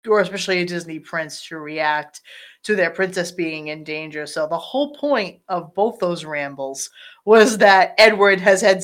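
A woman in casual chat, rambling through a film scene and acting out the characters' lines. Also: lowish voice. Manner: rambling, animated, acts out quotes. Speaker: podcast co-host discussing a film.

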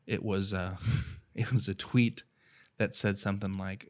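Speaking in a fairly low, flat voice at normal speed, this Appalachian-accented North Carolina man rambles earnestly and casually about his faith. His talk is full of "you know" and "right."

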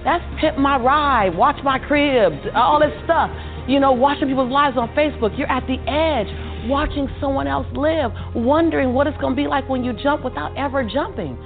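A woman's voice: high voice, normal speed, phone-quality sound, soft background music. A woman telling her story in a motivational speaking style, emphatic and preacherly with lots of repetition. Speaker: guest speaker.

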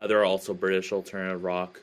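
A man's voice: sits low, flat delivery, fast, clear, resonant tone. A man chatting as a podcast guest about his band, talking hesitantly with many fillers and restarts. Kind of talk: casual interview chat.

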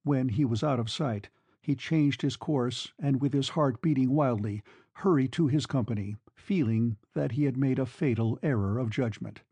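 A man narrating a classic novel in a steady, measured reading. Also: medium pitch, husky, dry recording. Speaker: audiobook narrator. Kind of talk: scripted narration.

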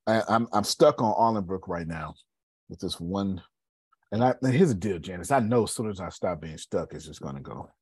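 A man's voice: sits low, animated, moderate pace, darkish tone, slightly rough, no room sound. A man hosting a podcast in casual live coaching talk, emphatic, repeating phrases and calling listeners by name. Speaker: podcast host.

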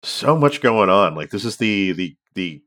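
Male podcast co-host, very low voice, lively casual chat. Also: measured pace. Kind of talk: casual chat about comics.

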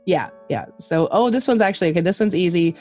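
A woman's voice: on the low side, animated, quick pace, dark tone, faint music behind. A woman hosting a podcast in casual chat, chatty and swearing freely while laughing at herself. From Canada. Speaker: podcast host.

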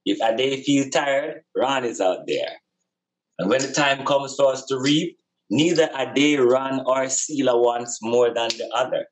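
A man's voice: mid-range voice, measured pace, slight background noise, poor audio. A man talking as a guest over a video call, reasoning earnestly with impassioned, repetitive, preacherly emphasis. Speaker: podcast guest.

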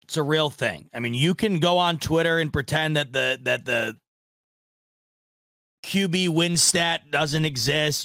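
A man's voice: a little high, pushed and bright, no echo, studio quality. A man hosting a casual sports podcast, rambling in a frustrated, self-deprecating way and swearing now and then. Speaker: podcast host.

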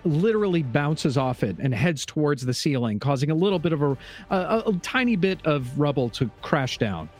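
A man's voice: a little high, sing-song, fairly quick, a little mellow, soft background music. A man narrating as game master of a tabletop game, easygoing and full of fillers. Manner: easygoing, describes action with many fillers.

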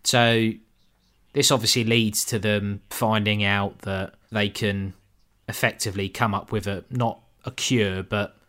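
Male podcast co-host, lowish voice, relaxed chatty film review with jokey asides. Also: a little slow. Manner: laid-back, swears, mimics characters jokingly. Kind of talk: casual film review chat.

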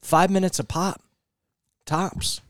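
A man co-hosting a casual podcast chat, animated and swearing freely. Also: high voice, takes it slowly, no echo, clean studio sound. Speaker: podcast co-host.

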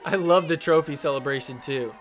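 A man hosting a podcast, giving casual, joking commentary over sports highlights. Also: fairly quick, faint music behind, some chatter behind. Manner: playful, joking, laughs often. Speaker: podcast host.

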